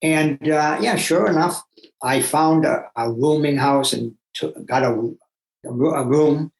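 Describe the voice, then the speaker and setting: An older man from Massachusetts, a guest telling his own story in an animated, emphatic way with asides to himself. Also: on the high side, takes it slowly, vocal fry. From Massachusetts, USA. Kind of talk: personal storytelling. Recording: roomy echo.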